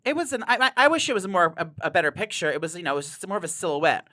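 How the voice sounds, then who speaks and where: A man's voice: high voice, big pitch swings, rapid-fire, pushed and bright, dry recording. A man guest on a podcast chatting casually, telling campy, gossipy stories. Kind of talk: casual chat.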